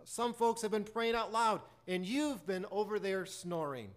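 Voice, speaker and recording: A preacher telling a personal story in a sermon, acting out both sides of a conversation and reciting hymn lyrics. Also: male voice, sits high, unhurried. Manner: animated storyteller acting out dialogue.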